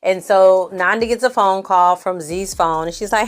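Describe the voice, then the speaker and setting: A woman's voice: medium pitch, normal speed. A woman recapping a TV series in a casual, opinionated and slangy way. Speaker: film and TV recap reviewer. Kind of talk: casual review chat.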